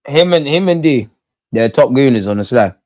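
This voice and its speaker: A man hosting a live football watch-along, chatting in excitable, slangy banter with his viewers. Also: mid-range voice, normal speed, no echo. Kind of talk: live fan commentary and chat.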